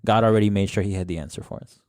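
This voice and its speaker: Young man, low and mellow, bilingual chat. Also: rapid-fire, smooth, no echo, studio quality. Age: young adult. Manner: relaxed, mixes English with Spanish phrases. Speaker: podcast discussion leader. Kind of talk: casual podcast chat.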